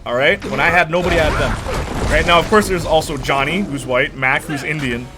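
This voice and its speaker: A young man chatting casually while streaming a game, telling stories in an animated way with lots of fillers. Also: on the high side, fairly quick. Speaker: gaming streamer.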